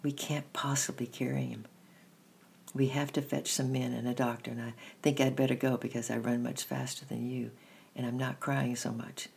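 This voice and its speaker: Guy reading as a scared gentle kid in a storybook, stammers a bit, raspy gravelly voice. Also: medium pitch, little pitch movement, unhurried, hardly any pauses. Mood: anxious. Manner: earnest, stammering slightly. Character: anxious gentle young boy, kind and caring.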